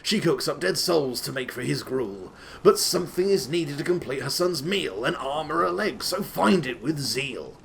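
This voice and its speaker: A man with a somewhat high, gravelly voice reads rhyming verse aloud with comic theatrical flair. He puts on a rustic, old-timey accent that keeps drifting, and he breaks off into sweary, self-mocking asides. A faint hum of noise sits under the voice. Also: lively intonation, moderate pace, a bit bright. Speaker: reader of a game walkthrough.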